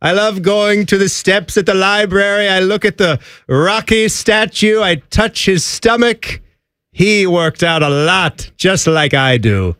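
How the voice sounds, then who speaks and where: A man's voice: high voice, fast talker, hardly any pauses, fairly bright tone, no echo, clean studio sound, voice pushed up. A man putting on a mock South African accent as a joke on a radio show, boasting. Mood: boastful. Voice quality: put-on accent.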